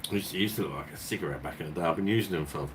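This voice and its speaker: A man's voice: a bass voice, rapid-fire, background noise. A man, hosting a beer review channel, rambling through a casual story with swearing and chuckles. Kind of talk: casual storytelling chat and viewer Q&A.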